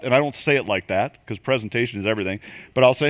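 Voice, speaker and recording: An older man teaches a room of church group leaders in a loose, conversational way. He is animated and keeps slipping into quick acted voices and asides to make his points. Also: mid-range voice. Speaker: leadership coach. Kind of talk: church training talk. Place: church venue.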